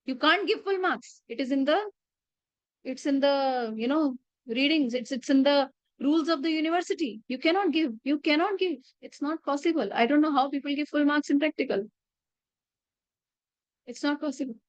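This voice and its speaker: A woman's voice: high-pitched, normal speed, no echo. Indian woman teacher, late 30s, chatty lecturer, slightly dull recording. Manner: chatty, mixes in Hindi phrases. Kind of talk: classroom lecture with anecdotes. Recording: slightly muffled dry recording.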